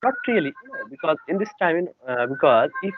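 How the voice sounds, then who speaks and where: A man's voice: fairly high pitch, sing-song, fast talker, breathy edge. A man with an Indian English accent, a native Bengali speaker, practicing English in casual conversation, talking hesitantly with many fillers over a video call. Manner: hesitant, full of "you know" and "uh" fillers. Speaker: English learner. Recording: tinny phone-like video call line.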